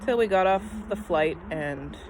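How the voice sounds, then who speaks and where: A middle-aged woman telling a personal story in a casual, rambling way, full of "um" and "I mean", often trailing off softly at the end of her thoughts. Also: on the low side, lively intonation, a little slow, crowd noise. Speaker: vlogger.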